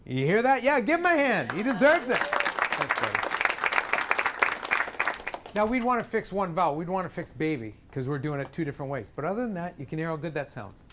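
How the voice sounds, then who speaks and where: Energetic man coaching a singing class. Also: a little high, brisk, pauses often, crowd noise, background noise. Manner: lively coaching, breaks into singing examples. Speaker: singing teacher. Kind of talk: singing lesson demonstration.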